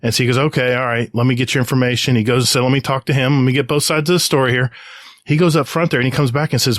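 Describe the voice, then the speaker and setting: A man's voice: medium pitch, rapid-fire, dry recording. A middle-aged American man, a podcast co-host, telling a story in casual chat and acting out the voices of people in it. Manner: animated anecdote with quoted voices. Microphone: podcast microphone.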